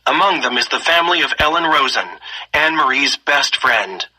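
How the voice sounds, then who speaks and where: Bright, husky man reading a story. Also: on the high side, normal speed, low-quality recording. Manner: expressive reading, slipping into character voices. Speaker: story reader. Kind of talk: reading a story aloud with lesson questions.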